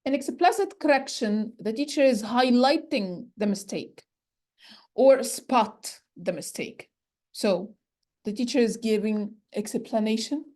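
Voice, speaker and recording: A woman with a somewhat high voice gives a teacher-training lecture. She lays out each point in order, often starting with "so". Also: a little mellow. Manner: explains step by step, often starting with "so".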